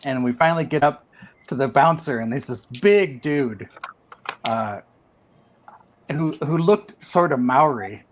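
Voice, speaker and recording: A man telling a lively anecdote in casual chat on an art stream, acting out the quotes. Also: medium pitch, a little slow, pauses often, slight background noise. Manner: animated anecdote teller, acts out quotes. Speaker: artist on a drawing livestream. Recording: dull lo-fi stream audio.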